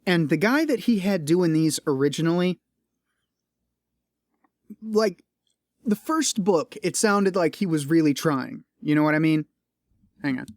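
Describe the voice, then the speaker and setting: Male podcast host, casual monologue, curses freely, somewhat high voice, dry close recording. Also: animated, measured pace, long pauses, dry recording. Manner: rambling and profane, with frequent restarts; tired, complaining.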